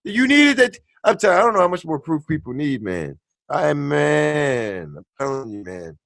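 A man's voice: fairly high pitch, big pitch swings, moderate pace, gravelly, dry recording. A man co-hosting a casual chat, reacting to a video in a ranting, profane way. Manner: ranting, profane, rising to loud outbursts.

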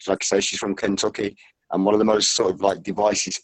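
A man's voice: lowish voice, level tone, fast talker, dry recording, poor audio. A man, joining a casual chat remotely and rambling as he searches for words.

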